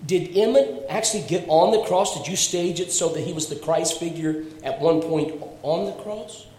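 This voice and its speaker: A man's voice: on the high side, normal speed, warm tone, reverberant, low-quality recording. A male pastor preaching a sermon, talking animatedly and calling on congregation members by name. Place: church sanctuary.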